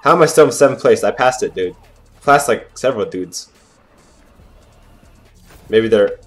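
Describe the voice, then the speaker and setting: A young man giving excitable gameplay commentary as a channel host, trash-talking and swinging from mumbles to yells. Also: lowish voice, moderate pace, long pauses, faint music behind.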